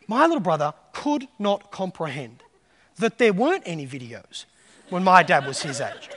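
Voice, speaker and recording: A man delivers a conference keynote on stage in a large hall with reverberant sound. His voice sits high with huge pitch swings at normal speed, and he tells stories, performing the voices of those he quotes.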